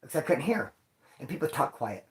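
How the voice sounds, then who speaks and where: This man talks to camera about prison life in a relaxed, slangy way, swearing freely and animatedly doing impressions of others. He speaks at a normal pace in a slightly high voice.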